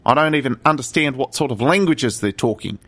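A man's voice: mid-range voice, a little fast, a bit bright, lightly acted. A man playing a stern evangelist boss who brushes off a desperate ex-employee on the phone in an improvised comedy sketch. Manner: brusque, dismissive.

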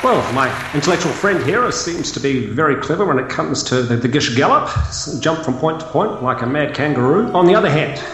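Sarcastic guy debating, wry and lively, in an echoey room. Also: fairly high pitch, fairly quick, few pauses. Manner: wry, mock-gallant, sarcastic. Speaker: comedy debate guest.

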